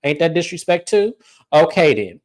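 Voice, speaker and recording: A woman's voice: low voice, sing-song, normal speed, a little mellow. A woman hosting a podcast, casually recapping a reality show in a blunt, swearing storytelling way. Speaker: podcast host.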